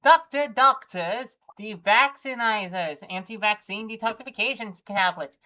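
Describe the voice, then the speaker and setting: A woman voicing a loud, hokey announcer pitching a fake cure in a slow, overemphatic sales pitch. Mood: hyping.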